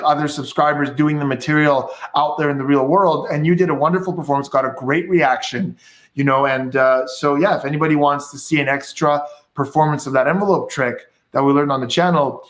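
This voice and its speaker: A man's voice: a little high, reverberant. A man from Quebec with a Québécois accent, hosting a live stream in a chatty, upbeat way full of restarts. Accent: Québécois French. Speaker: host. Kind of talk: casual live-stream chat.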